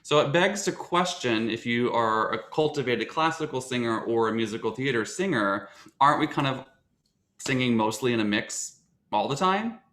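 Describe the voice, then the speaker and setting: Bright-voiced male voice teacher lecturing. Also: medium pitch, expressive, moderate pace, echoey room. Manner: explanatory, with frequent fillers and restarts.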